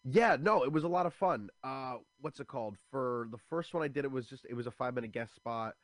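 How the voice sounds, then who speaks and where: A man's voice: mid-range voice, animated, quick pace, no echo. A young male comedian telling stories in a loose, chatty interview, full of likes and restarts. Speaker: stand-up comedian guest. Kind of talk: casual interview chat.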